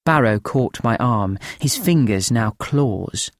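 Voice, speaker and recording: Man reading a spooky story, slow and grave, voice rising and falling a lot, dry close sound. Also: mid-range voice, expressive, dry recording. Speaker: narrator. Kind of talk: first-person audiobook narration.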